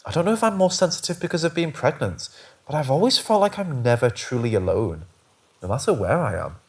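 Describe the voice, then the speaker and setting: A man's voice: on the high side, sing-song, a little fast, a little mellow. A man giving scripted narration of first-person scary stories, reading steadily.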